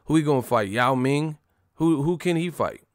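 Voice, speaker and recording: A man's voice: a little high, expressive, moderate pace, no echo, studio quality. Profane man ranting about boxing. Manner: profane, mocking, loud outbursts and sing-song impressions. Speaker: boxing commentator. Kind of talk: casual ranting commentary.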